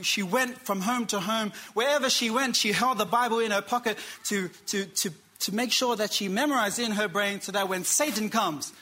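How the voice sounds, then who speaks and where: High bright-voiced male preacher. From Australia. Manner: dramatic pauses, quotes characters, calls for amen. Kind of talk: sermon storytelling.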